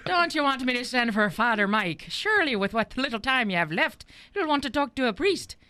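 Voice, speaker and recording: A woman's voice: a little high, expressive, brisk, bright, forceful tone. A woman acting a doting wife whose put-on accent wanders, giggling through a comedy radio skit. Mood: giggly. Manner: giggles through her lines. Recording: hissy old radio broadcast recording.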